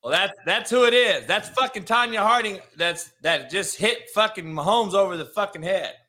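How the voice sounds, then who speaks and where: A man's voice: high-pitched, animated, moderate pace, bright, forceful tone. A man co-hosting a show, blunt and profane, teasing his guest. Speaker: streaming show host. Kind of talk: casual podcast banter.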